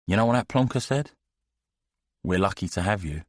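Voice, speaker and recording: A man's voice: sits low, lively intonation, normal speed, no echo, studio quality. A man voicing a blunt, scornful male army sergeant in an audiobook. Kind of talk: audiobook character voice.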